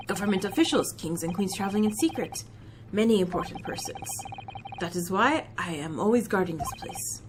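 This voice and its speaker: A woman voicing a gruff, burly male ship guard with a mock Russian accent and blunt broken English. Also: medium pitch, lively intonation, fairly quick, noisy background, voice pushed down, close to an everyday voice.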